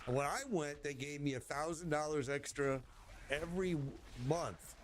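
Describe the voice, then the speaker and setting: Male streamer, slightly high voice, lively rambling storyteller, casual swearing, faint background noise. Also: normal speed. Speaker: gaming streamer telling a story. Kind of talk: casual storytelling while gaming.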